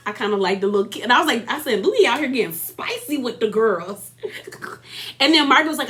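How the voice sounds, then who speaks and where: A woman recaps reality TV in a loose, chatty way. Her voice sits a little high, and she laughs easily and keeps dropping mocking asides as she goes. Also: lively intonation, moderate pace, a bit bright. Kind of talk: casual recap commentary.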